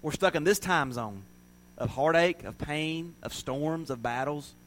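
Impassioned pastor preaching. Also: male voice, a little high, a little slow, poor audio. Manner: swings from loud animated storytelling to soft hushed reflection. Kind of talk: sermon.

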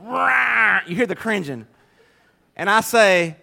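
A man, his voice sitting unusually high. He talks in a folksy, storytelling way, laughing often as he speaks to his church. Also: lively intonation, measured pace, creaky, pauses often, bright, forceful tone. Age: 40s. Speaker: pastor. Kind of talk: sermon.

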